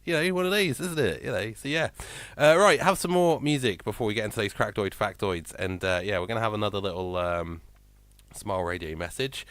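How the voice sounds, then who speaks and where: A man's voice: lowish voice, expressive, a little fast, fairly bright tone, dry recording. A male radio DJ with an English accent, talking in a chatty, rambling, informal way between songs. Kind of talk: unscripted radio chat. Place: radio studio. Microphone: studio microphone.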